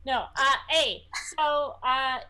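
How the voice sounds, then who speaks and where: A woman's voice: high-pitched, slow pace, pushed and bright. A woman playing a tabletop game, chatty and playful. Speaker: player. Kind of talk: casual tabletop game play.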